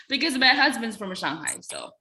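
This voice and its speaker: A woman's voice: fairly high pitch, echoey room, rough recording. A woman comedian in an interview, speaking bluntly and profanely and laughing at her own jokes. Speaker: comedian guest. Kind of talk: casual interview talk.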